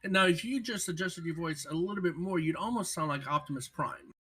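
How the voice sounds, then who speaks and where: A man's voice: a little high, brisk, a bit bright, breathy edge. A man co-hosting a casual podcast, talkative and teasing with lots of banter. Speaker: podcast co-host.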